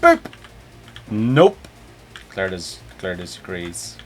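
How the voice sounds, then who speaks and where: A man's voice: sits low, wildly swooping pitch, slow pace, soft background music. A man chatting and joking casually while streaming a game. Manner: joking, rambling, playful. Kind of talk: casual gameplay stream chat.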